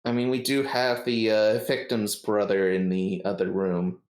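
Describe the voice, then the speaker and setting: A man narrating a tabletop game as game master, slow and halting, with frequent ums and uhs. He sounds like he is in a roomy space with noticeable echo. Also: fairly low pitch, level tone. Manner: hesitant, many ums and uhs, laughs easily.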